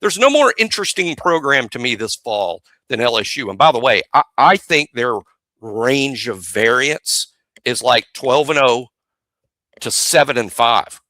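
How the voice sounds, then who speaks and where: A man's voice: mid-range voice, lively intonation, measured pace, pushed and bright, no echo. A man co-hosting a casual sports podcast, giving chatty analysis with stammering restarts. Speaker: podcast co-host.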